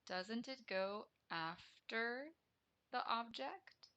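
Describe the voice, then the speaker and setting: A woman's voice: a little high, drawn-out words, sharp tone, dull audio, full character voice. A woman voicing a curious student who asks the teacher a puzzled question.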